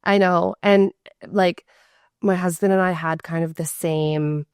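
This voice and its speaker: A woman's voice: lowish voice, measured pace, smooth, dry recording, studio quality. A woman in her thirties hosting a casual podcast interview, telling stories animatedly and saying "like" a lot. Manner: animated storyteller, heavy use of "like". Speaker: podcast host.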